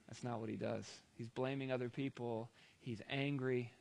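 A man's voice: medium pitch, steady tone, moderate pace, creaky, darkish tone, no room sound. A man preaching a sermon, retelling a scripture story in a conversational way with wry asides.

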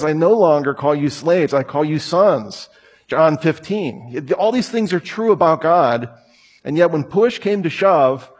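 A man's voice: on the high side, husky. A man in his thirties preaching a conversational sermon, telling stories with humor. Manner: casual, storytelling with humor.

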